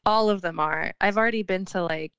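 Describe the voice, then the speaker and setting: A woman's voice: medium pitch, fairly bright tone, smooth, dry recording, highs cut off. A young adult woman chatting casually as a podcast guest, filling her talk with "like" and laughing easily. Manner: chatty, heavy use of "like", quick to laugh. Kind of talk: casual chat.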